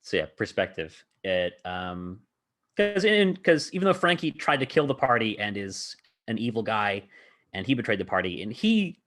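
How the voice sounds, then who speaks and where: Deep-voiced man recounting his game. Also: very animated, moderate pace, fairly bright tone. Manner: rambling, heavy on filler words, laughs often. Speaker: podcast host and game master. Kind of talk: casual chat recounting a tabletop game session.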